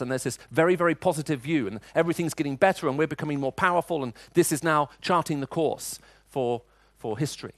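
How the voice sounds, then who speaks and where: A man's voice: a little high, fast talker, few pauses, a bit bright, no room sound. Middle-aged male preacher, chatty storytelling delivery, dry recording. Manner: storytelling, conversational, frequent restarts. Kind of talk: sermon with personal stories.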